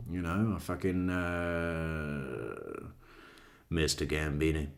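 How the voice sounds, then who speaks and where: A man's voice: very deep voice, takes it slowly, vocal fry. A man hosting a true crime commentary, joking, laughing often, and stammering through repeated words. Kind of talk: casual commentary.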